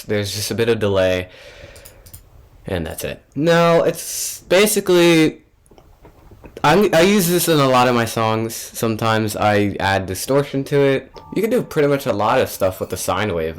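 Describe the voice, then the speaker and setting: A young man, a music producer, casually talking through how he built a track, loose and offhand with frequent fillers and restarts. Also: lowish voice. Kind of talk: casual tutorial narration.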